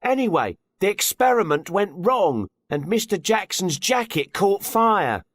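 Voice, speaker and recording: A man voicing a schoolboy in a textbook listening dialogue, telling a friend a story in a lively way. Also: high-pitched, unhurried, dry recording, studio quality, full character voice.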